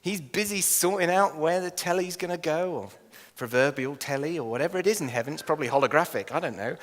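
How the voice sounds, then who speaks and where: An English man delivers a sermon with lively, jokey storytelling, slipping into acted asides and chuckles. His voice sits a little high for a man. Long reverb of a church hall trails behind him. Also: fast. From England. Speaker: minister.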